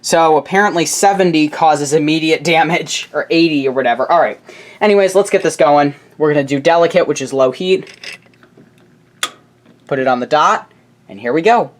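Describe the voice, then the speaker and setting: A man chatting casually while filming at home, narrating in a rambling way with quick asides and self-corrections. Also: a little high. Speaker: appliance video creator. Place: home laundry area. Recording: noisy home camera recording.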